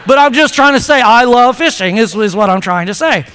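A man's voice: very high-pitched, lively intonation, brisk, fairly bright tone, clean tone. A man in his thirties, a pastor preaching a chatty, playful sermon to his congregation. He often repeats words as he starts a sentence. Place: church sanctuary. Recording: long hall reverb.

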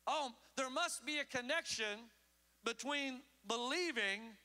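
High, bright-voiced preaching pastor in a hall. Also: male voice, takes it slowly. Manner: emphatic preaching with sweeping pitch swings and acted quotes. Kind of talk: sermon. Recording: long hall reverb.

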